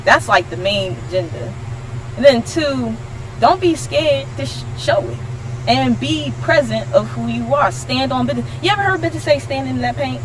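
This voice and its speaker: A young woman hosting a casual podcast chat, frank and animated, swearing freely. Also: high-pitched, normal speed. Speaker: podcast host. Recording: noisy background.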